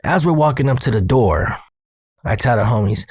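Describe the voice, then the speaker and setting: Male storyteller, mid-pitched and gravelly, casual and slangy with swearing, addressing the listener. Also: expressive, moderate pace, a little mellow, no room sound, studio quality.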